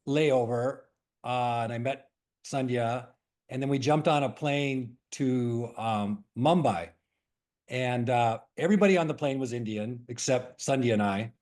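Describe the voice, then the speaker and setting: A middle-aged man from Hawaii shares a story and a spiritual reflection at a gentle, measured pace. He often pauses, restarts and fills gaps with soft "um"s as he thinks aloud. His voice sits at an ordinary middle pitch for a man. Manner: thoughtful, unhurried, with many pauses and fillers. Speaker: spiritual discussion leader.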